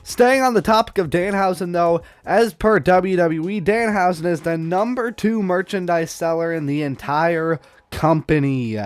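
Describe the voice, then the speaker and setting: A man's voice: sits high, measured pace, no echo, faint music behind. A young man hosting a casual news commentary vlog, rambling and snarky, trading playful insults. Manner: rambling, snarky, trash-talking. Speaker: vlog host.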